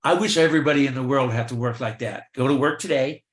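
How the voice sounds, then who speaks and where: An older man, a guest in an interview, telling lively anecdotes and acting out the voices of the people in them. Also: medium pitch, quick pace, echoey room. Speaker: film extra and actor, guest. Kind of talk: storytelling in an interview.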